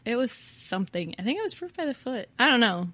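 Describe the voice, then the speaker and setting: A woman's voice: fairly high pitch, big pitch swings, fast, a bit bright, no echo. A woman co-hosting a podcast, telling a true-crime story in a casual, chatty way and laughing often. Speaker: podcast co-host.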